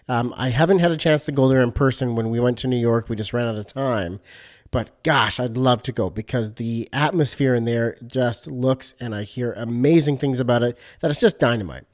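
This male podcast host talks in an upbeat, chatty way. He keeps things light and jokey with his guest, at an everyday mid-range pitch. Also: fairly quick, darkish tone. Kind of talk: upbeat show intro and interview.

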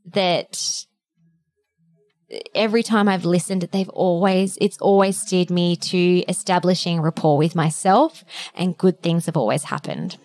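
A woman's voice: lowish voice, a little slow, a little mellow. A woman podcast co-host telling a personal story in an earnest, emotional way, with plenty of fillers.

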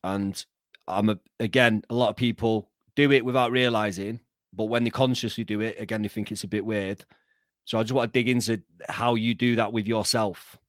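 A man's voice: fairly low pitch, steady tone, fairly quick, no echo, studio quality. A man hosting a podcast who talks in an enthusiastic, affirming, motivational way. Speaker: podcast host. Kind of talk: casual conversational interview.

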